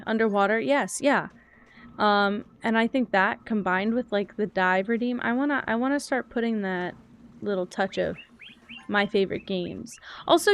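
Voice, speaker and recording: Woman streamer, casual and chatty, mid-pitch, wanders between topics while she plays. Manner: rambling, chatty, reads chat aloud. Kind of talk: casual gaming stream chat.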